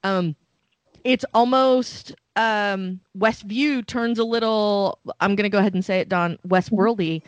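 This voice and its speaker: A woman's voice: mid-range voice, unhurried, no echo. A woman co-hosting a casual podcast discussion, thinking aloud with lots of fillers. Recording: dull, dry sound.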